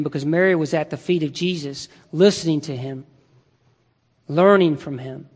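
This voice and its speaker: A man's voice: a little high, normal speed, a little mellow. A man preaching a sermon in a conversational, emphatic way, asking his listeners rhetorical questions. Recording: long reverb in a large hall.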